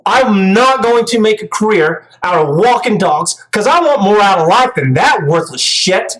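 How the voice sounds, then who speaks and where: A woman's voice: mid-range voice, animated, normal speed, poor audio. A woman commentator giving angry reaction commentary, ranting, profane and scolding.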